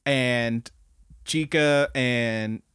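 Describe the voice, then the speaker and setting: A man's voice: medium pitch, very slow, smooth, no room sound. A young man on a dry, close podcast mic, talking in a mid-range voice. He recaps anime scenes eagerly, laughs often and swears casually. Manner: excited, laughing, swearing storyteller. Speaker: podcast co-host.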